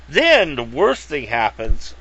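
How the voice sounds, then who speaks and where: A man's voice: mid-range voice, huge pitch swings, very slow, bright, forceful tone, husky. A man ranting casually to camera in a rambling, profane way, full of fillers and acted-out quotes. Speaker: video blogger.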